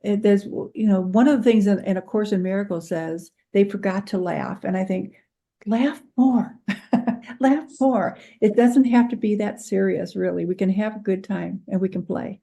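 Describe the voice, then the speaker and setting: Gravelly, mellow-voiced woman guest. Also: medium pitch, steady tone, moderate pace, hardly any pauses. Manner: gentle, encouraging, laughs often. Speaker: guest meditation teacher. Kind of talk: interview chat, storytelling.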